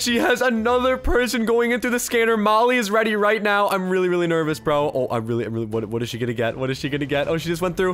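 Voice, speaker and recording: A man doing excitable gameplay commentary as a video host, swinging from hushed murmurs to loud squeals. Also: high voice, fast, clean tone, faint music behind. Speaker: gaming YouTuber.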